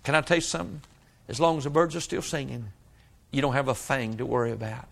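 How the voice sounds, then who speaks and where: A man's voice: mid-range voice, quick pace, vocal fry, fairly bright tone. Folksy preacher man. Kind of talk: sermon.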